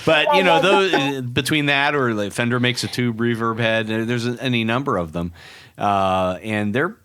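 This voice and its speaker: A man co-hosting a guitar podcast, animated and quick to laugh. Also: medium pitch, clear, resonant tone. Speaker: podcast host. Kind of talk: casual podcast chat.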